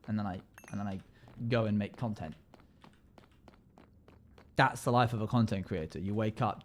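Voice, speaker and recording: A man streaming a game live, chatting casually and jokily with sudden loud playful yells. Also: fairly low pitch, steady tone, normal speed, slight background noise. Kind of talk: casual live-stream chat while gaming.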